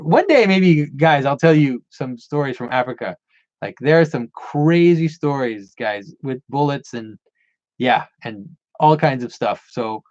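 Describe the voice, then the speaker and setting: Answering viewers' questions on his channel, this host runs a loose livestream Q&A full of rambling, restarts and repeated words. His voice sits a little high with a darkish tone, captured dry and sounding dull.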